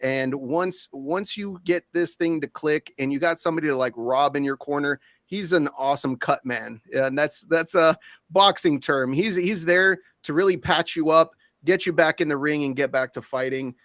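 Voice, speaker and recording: A man co-hosting a livestream over a video call, talking in a relaxed, supportive way with many fillers. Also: a little high, moderate pace, dry recording, clean studio sound. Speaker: co-host.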